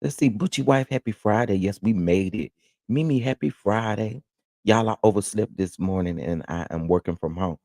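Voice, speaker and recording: A man from Texas with a Southern accent, hosting a casual morning livestream, chatting and reading viewer comments with lively, laughing exclamations. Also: normal speed, gravelly, no room sound, clean studio sound. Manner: animated, laughing, jumps into high exclamations. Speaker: livestream host.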